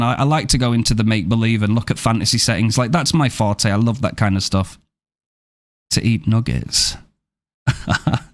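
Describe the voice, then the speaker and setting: A British man in the middle of a live game stream, talking casually with his audience. He sounds easygoing and chatty, dropping "bro" and "man" often. His voice sits at an ordinary middle pitch. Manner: laid-back and chatty, says "man" and "bro" a lot.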